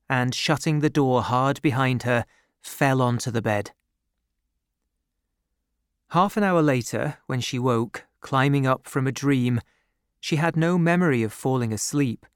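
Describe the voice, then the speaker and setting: A man reading a novel aloud as an audiobook narrator, with a measured, even storytelling delivery into a close studio microphone. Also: medium pitch, smooth, no room sound.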